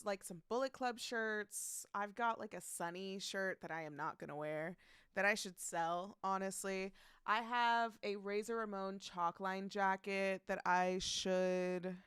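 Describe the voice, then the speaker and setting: A woman's voice: medium pitch, fairly bright tone, smooth, no room sound, studio quality. A woman streaming live, chatting casually, reading out chat messages and greeting viewers by name, laughing often.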